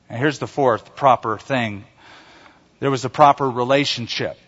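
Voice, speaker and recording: A man's voice: mid-range voice, moderate pace, husky. A man preaching a sermon as pastor, acting out quoted voices and leading the congregation in repeating lines. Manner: animated preaching, acts out quotes and calls for congregation response. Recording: dull sound with long hall reverb.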